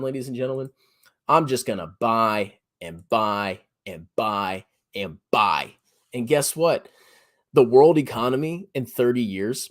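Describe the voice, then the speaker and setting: A man in his thirties giving blunt, sarcastic personal finance commentary on his own channel, often jumping to a high mocking pitch. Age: 30s. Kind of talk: animated solo commentary.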